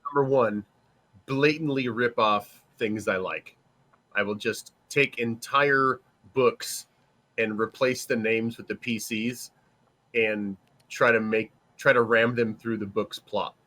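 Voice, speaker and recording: A man's voice: medium pitch, slow pace. A man on a game master panel, chatting casually and jokingly, with laughs between his points. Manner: joking, animated, laughs while talking.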